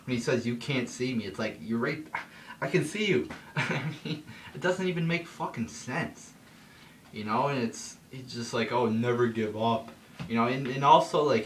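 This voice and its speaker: A young male vlogger with a fairly bright, low-leaning voice delivers a casual rant monologue, swearing often and rambling with many fillers and restarts. He gets heated, and his voice jumps up when he mocks. The echoey room recording has him somewhat far from the mic, with faint background noise.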